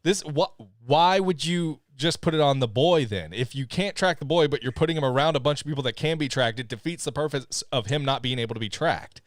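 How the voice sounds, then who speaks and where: A man's voice: a little high, brisk, hardly any pauses, dry recording, studio quality. A man co-hosting a casual movie review podcast, talking with energy and acting out scenes in voices. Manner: animated, acts out scenes in put-on voices. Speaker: podcast co-host.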